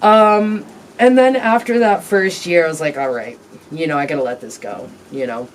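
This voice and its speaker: A woman as an interview guest, telling her personal story candidly in a halting, reflective way with frequent pauses and ums. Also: sits low, far from the mic, slight background noise.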